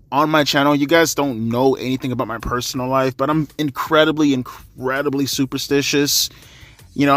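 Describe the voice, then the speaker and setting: A man's voice: medium pitch, fairly bright tone, no room sound. A man giving a profane, rambling wrestling reaction rant in a casual style, often repeating himself. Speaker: wrestling commentary YouTuber.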